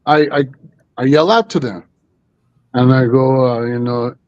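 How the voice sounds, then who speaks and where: Over a dull, lo-fi stream with no room sound, a man of middle pitch tells a story as a guest. He rambles and restarts, with fillers all through. His tone is casual. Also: measured pace, a little mellow, dry recording. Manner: rambling, full of 'you know' and restarts.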